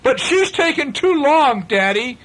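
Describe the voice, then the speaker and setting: A man putting on the high, whiny voice of a cross little boy in a bedtime story. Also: sing-song, measured pace, exaggerated voice, low-quality recording. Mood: whining. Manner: shouting, whining.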